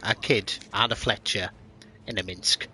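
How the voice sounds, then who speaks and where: A man's voice: lowish voice, fairly even intonation, bright, forceful tone, slight background noise. A middle-aged man hosting a gaming voice chat, confident but stumbling through restarts. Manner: slow, repetitive restarts, confident. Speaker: channel host, gamer. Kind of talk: casual voice chat while gaming.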